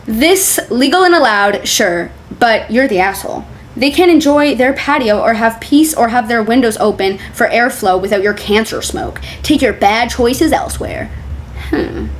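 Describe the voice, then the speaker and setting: A woman's voice: on the high side, moderate pace, slight background noise. A young woman streamer reacting to forum posts, reading them aloud in a casual, sarcastic way that is full of laughter and swearing. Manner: chatty, sarcastic, swears freely, laughs often.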